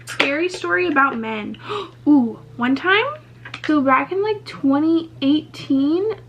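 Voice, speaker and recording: A woman's voice: sits high, animated, slow, fairly bright tone, slight background noise. A young woman vlogger in a casual get-ready-with-me Q&A, chatting candidly and swearing freely, full of "like" and "um". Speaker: beauty vlogger. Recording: slightly muffled lo-fi recording.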